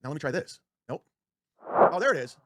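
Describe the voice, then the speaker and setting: A man's voice: a little high, big pitch swings, fairly quick, heavy background noise. A man ranting casually on a livestream, rambling, swearing often and restarting his sentences. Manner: rambling, profane, self-interrupting.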